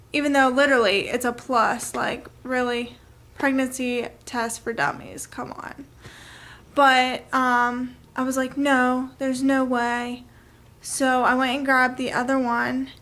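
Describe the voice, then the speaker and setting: A woman's voice: fairly high pitch, flat delivery, unhurried, a bit bright. A young woman telling a personal story to camera in a chatty, casual way, full of "like" and "um". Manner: chatty, filler-heavy with frequent "like" and "um". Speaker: vlogger.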